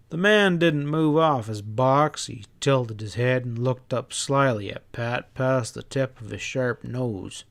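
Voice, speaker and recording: A man narrating a western novel as an audiobook, telling the story in a measured, even way. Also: medium pitch, creaky.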